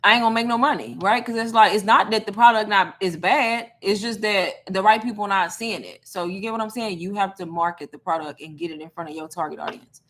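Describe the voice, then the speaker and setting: A woman's voice: mid-range voice, fairly quick, few pauses, a bit bright. A young adult woman hosting a casual livestream, talking to her viewers in a chatty, rambling way. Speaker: online business livestream host.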